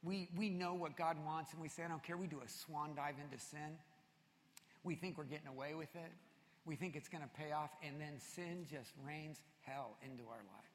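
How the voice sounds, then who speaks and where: A man preaching a sermon to a congregation, energetic and shouting at his peaks, then dropping low and soft. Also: moderate pace, slight background noise. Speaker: pastor. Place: large church hall with congregation. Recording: reverberant church hall.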